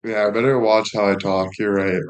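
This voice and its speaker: A young man talks to his live-stream viewers in a fairly low, easygoing voice. He teases and jokes crudely, swearing freely as he chats and thanks people. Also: little pitch movement, a little fast. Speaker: livestreamer. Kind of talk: casual live-stream chat.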